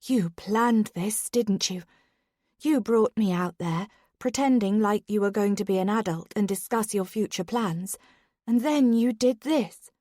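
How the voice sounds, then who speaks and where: A woman reading a stubborn, defiant young lady whose lines rise sharp and heated in an audiobook. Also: medium pitch, measured pace, no room sound, studio quality, lightly acted. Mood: indignant.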